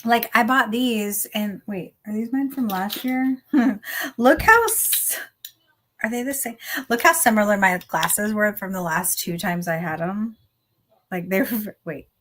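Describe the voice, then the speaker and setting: A woman hosts a relaxed reading livestream. She chats easily with her viewers, laughs often and reads their messages aloud. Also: mid-range voice, a little slow, slight background noise. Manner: chatty, laughs often, talks to viewers as y'all. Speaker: livestream host reading chat. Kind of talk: casual chat on a reading livestream.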